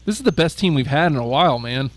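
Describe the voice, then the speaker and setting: A man's voice: on the high side, expressive, fast talker, dry recording. A man hosting a casual chat, asking questions in an easygoing way. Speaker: host.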